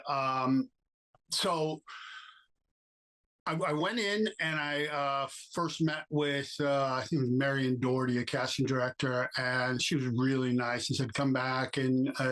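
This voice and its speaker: A man being interviewed as a guest, telling stories with lively quoted voices and many fillers. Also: a little slow, poor audio. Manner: animated anecdotes, acts out quoted people with jumps in pitch; many fillers and restarts, reflective. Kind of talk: storytelling interview.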